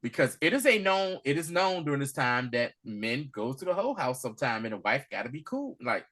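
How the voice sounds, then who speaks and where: A man in casual podcast chat, retelling a TV episode with animated storytelling. He drops to a low murmur for quoted lines, then jumps high and loud when he gets excited. His delivery is slangy and full of laughs. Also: normal speed. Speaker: podcast co-host recapping a TV episode.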